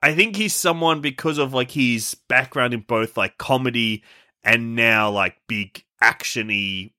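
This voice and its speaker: A man's voice: medium pitch, a little slow, sharp tone, no room sound, clean studio sound. A man co-hosting a casual podcast chat, sharing considered opinions at length. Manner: opinionated, thoughtful, with frequent restarts. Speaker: podcast co-host.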